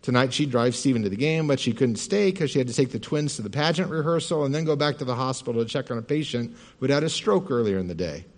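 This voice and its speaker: A male pastor telling parables in a sermon with calm, measured narration. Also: mid-range voice. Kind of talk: sermon storytelling.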